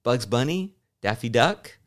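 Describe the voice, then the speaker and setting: Rambling, chatty podcast dad. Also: male voice, medium pitch, lively intonation, unhurried, fairly bright tone. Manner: rambling, self-interrupting, laughs easily. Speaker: podcast co-host. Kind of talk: casual chat.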